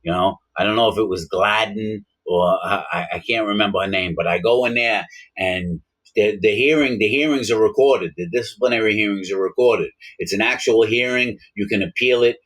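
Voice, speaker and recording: A man's voice: on the low side, moderate pace. Man telling prison stories. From Long Island, New York. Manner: animated, acts out both sides of dialogues. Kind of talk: casual storytelling to camera.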